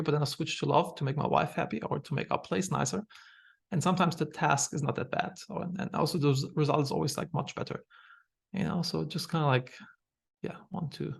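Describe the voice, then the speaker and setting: German-accented man, slightly high, gravelly; founder sharing candid stories on a call. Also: a little fast. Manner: candid, anecdotal, frequent fillers and restarts. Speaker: startup founder. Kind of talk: masterclass talk.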